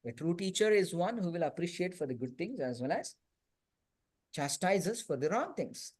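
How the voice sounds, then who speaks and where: A man's voice: high voice, very animated, normal speed, darkish tone, slightly rough. A man teaching a youth scripture class in a conversational storytelling manner, often adding "you know" and "right?". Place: temple hall.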